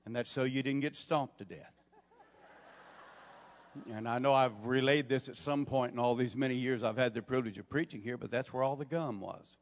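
The older pastor speaks in a mid-range voice at a moderate pace, moving from folksy storytelling to emphatic preaching. Long hall reverb fills the church sanctuary.

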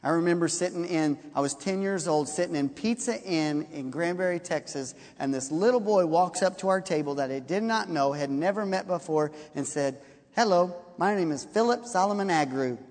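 A high-pitched man preaches to his congregation, retelling a story with animated energy and slipping into the voices of its characters. His voice rings out with a long reverb trailing behind it, as if it fills a large hall. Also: normal speed, hardly any pauses. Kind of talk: sermon.

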